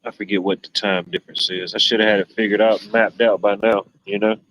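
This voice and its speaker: A man's voice: lowish voice, level tone, a little fast, lo-fi sound, slight background noise. A man hosting a livestream, chatting casually, rambling and joking with viewers. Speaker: livestream host. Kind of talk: casual chat reading viewer comments.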